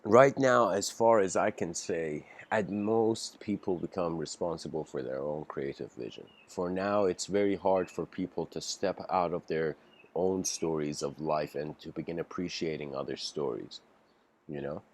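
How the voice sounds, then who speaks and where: Deep-voiced man musing through a lecture. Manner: halting and musing, frequent restarts. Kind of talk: improvised philosophical lecture.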